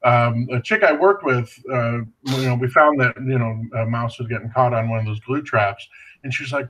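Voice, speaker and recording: A man's voice: mid-range voice, moderate pace, rough recording. A man co-hosting a casual podcast, telling a story full of swearing and fillers. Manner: profane, animated, many fillers. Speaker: podcast co-host.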